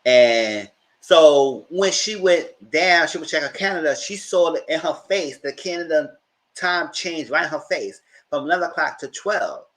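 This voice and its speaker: A man's voice: on the high side, animated, a little slow, fairly bright tone. A man hosting a live TV review stream, retelling the plot in a loose, slangy way and putting on voices for the characters he quotes. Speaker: TV review channel host. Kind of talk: casual live TV recap.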